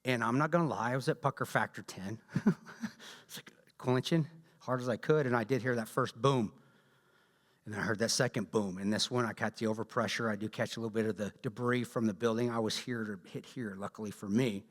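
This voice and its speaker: A man's voice: medium pitch, brisk. Joking Southern man telling war stories. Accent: Southern US drawl. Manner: animated, joking, blunt storyteller. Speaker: guest speaker. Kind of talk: storytelling talk to a church audience. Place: large church hall. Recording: long echo of a large church hall.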